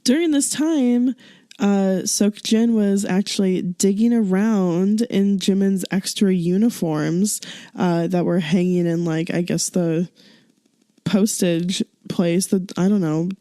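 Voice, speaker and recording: A woman's voice: mid-range voice, takes it slowly, dark tone, no room sound, clean studio sound. A woman co-hosting a podcast, chattily recapping a variety show episode, giggling and acting out quotes. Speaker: podcast co-host.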